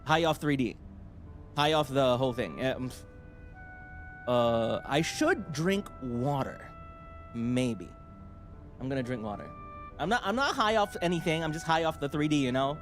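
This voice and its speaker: A young man chatting excitedly on a livestream, rambling and jumping between shouting and mumbling. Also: mid-range voice, a little slow, long pauses, soft background music. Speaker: streamer. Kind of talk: excited casual livestream chat.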